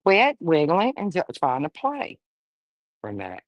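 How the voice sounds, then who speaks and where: A woman's voice: deep voice, wildly swooping pitch, moderate pace, no room sound. A woman breeding dogs, casually livestreaming while she firmly coaxes a wriggling puppy, talking in a folksy way. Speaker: dog breeder.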